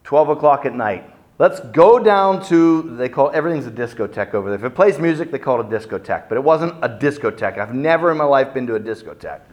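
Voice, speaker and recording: A middle-aged man preaching a sermon, telling stories dramatically and acting out the quotes with big swings in loudness. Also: mid-range voice, lively intonation, fast talker, dull audio. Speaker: pastor.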